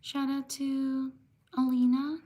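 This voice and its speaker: A woman hosting a livestream, slowly reading out shout-outs to viewers one after another and quickly apologizing for mispronouncing names. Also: sits high. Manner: slow, steady listing of names with quick apologies. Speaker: livestream host. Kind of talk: live stream shout-outs.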